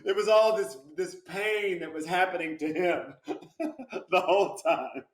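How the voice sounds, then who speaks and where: Joining a casual interview by video call, a guest actor tells stories animatedly and laughs a lot. His voice is high-pitched and his pace measured.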